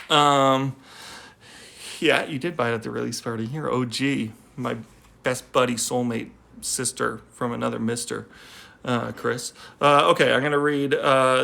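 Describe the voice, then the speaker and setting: A man's voice: mid-range voice, gravelly, sharp tone. A man who talks casually on a livestream, rambling and joking with many fillers, then reads a poem aloud. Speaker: poet. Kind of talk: casual live-stream chat and poetry reading. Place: at home. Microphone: phone livestream.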